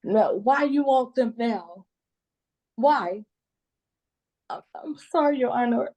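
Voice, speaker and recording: Tearful grandmother pleading slowly in court. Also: on the high side, lively intonation, dark tone. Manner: emotional, rambling, repeats herself. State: crying. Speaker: grandmother in custody hearing. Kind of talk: pleading closing statement in court. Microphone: phone on a video call.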